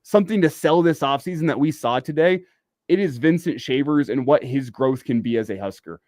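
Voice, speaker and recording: A man's voice: mid-range voice, fairly quick, a little mellow, dry recording, studio quality. A man co-hosting a sports talk radio show, making his points in an emphatic, argumentative way. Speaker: radio co-host.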